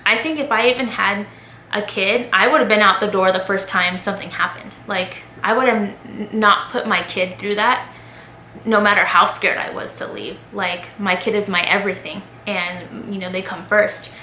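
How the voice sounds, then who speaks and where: A woman's voice: mid-range voice, fairly even intonation, moderate pace, bright, forceful tone. A young adult woman vlogger telling a personal story to her viewers in a candid, conversational way, full of fillers. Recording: echoey room with faint noise.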